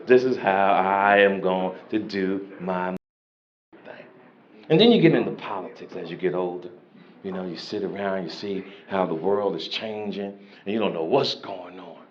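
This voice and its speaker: A man in his sixties doing brash, crude, animated stand-up storytelling on a comedy club stage. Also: mid-range voice. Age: 60s. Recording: roomy, muffled club sound. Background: loud audience laughter and noise.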